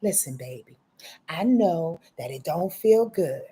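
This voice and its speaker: A woman doing a low, coaxing motherly voice that is charming but firm. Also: lively intonation, unhurried, mellow, breathy edge, heavily acted. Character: charming, coaxing mother pushing you along.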